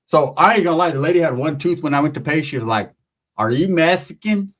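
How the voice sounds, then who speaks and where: Man, casual storytelling, profane, rambling, slightly high voice. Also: racing, fairly bright tone. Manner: profane, rambling, acts out other people's voices.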